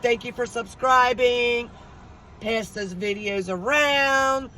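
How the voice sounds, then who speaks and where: High-voiced chatty woman vlogger. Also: takes it slowly, pushed and bright, slight background noise. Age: middle-aged. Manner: chatty storytelling, acts out voices. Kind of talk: casual chat to viewers.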